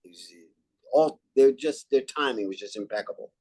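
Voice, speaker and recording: A man's voice: medium pitch, normal speed. Older New York man telling showbiz stories. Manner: animated, acts out quotes and catchphrases. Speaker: actor guest. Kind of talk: relaxed interview storytelling.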